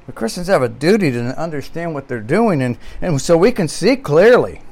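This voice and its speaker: A man with a somewhat high voice preaches a sermon from a church pulpit. He pushes hard on key words, then drops to quiet asides. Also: sing-song, moderate pace. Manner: emphatic preaching with swings between loud and quiet. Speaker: pastor.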